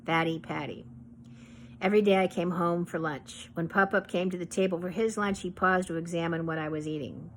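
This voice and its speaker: A woman with a lowish voice reads her memoir aloud at a measured, reflective pace. A faint hiss of noise sits under the voice throughout. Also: steady tone, poor audio. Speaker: author reading her memoir. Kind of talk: memoir reading.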